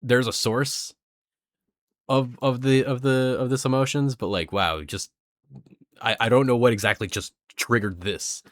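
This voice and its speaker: A man giving halting, rambling commentary while playing a game. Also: mid-range voice, steady tone, dry recording, clean studio sound. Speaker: game player. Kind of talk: playthrough commentary.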